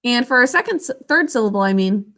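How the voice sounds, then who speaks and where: A woman teaching a children's spelling lesson, sounding out words letter by letter and syllable by syllable in a slow, patient way. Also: a little high, expressive, pushed and bright. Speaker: literacy teacher.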